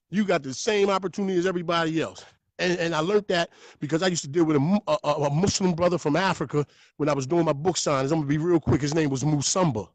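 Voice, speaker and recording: A man talking as a podcast guest, telling stories in a lively, profane way. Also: on the high side, dry recording. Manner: animated, profane storytelling. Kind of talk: casual podcast talk.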